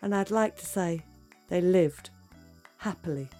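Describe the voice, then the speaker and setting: Lively woman telling a children's tale. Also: on the low side, unhurried, faint music behind. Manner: lively, dramatic, drops to hushed tones for suspense. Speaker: storyteller. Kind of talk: oral storytelling for children.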